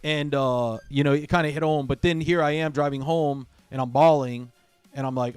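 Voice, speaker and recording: A middle-aged man hosting a game livestream, talking casually, halting and repeating himself as he speaks from the heart. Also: medium pitch, fairly even intonation, a little mellow, clean tone, dry recording, faint music behind. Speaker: livestream gamer host.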